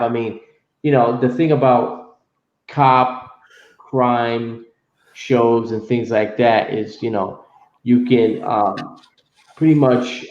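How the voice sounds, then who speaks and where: A male host asking questions in a casual livestream interview, unhurried and pausing often. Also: medium pitch, darkish tone. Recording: roomy, dull lo-fi audio.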